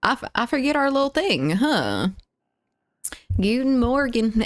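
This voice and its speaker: A woman with a Southern US accent from the Deep South, chatting casually on a live stream, greeting viewers, reading chat aloud and giggling. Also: sing-song, measured pace, no echo. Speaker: livestreamer.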